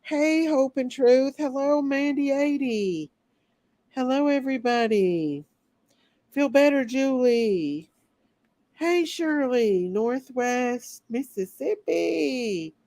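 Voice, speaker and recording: A woman's voice: high-pitched, expressive, slow pace, mellow, no room sound. A woman hosting a casual livestream, sick and recovering, greeting viewers by name. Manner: greets viewers by name one after another. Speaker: livestream host.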